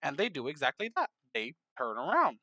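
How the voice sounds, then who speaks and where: A man narrating a map game in casual commentary, unhurried, muttering asides to himself. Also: on the high side, huge pitch swings, bright, forceful tone, dry recording.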